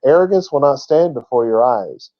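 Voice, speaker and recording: A man's voice: mid-range voice, animated, normal speed, lo-fi sound. A man giving an emphatic teaching talk who spells out words letter by letter. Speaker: Bible teacher.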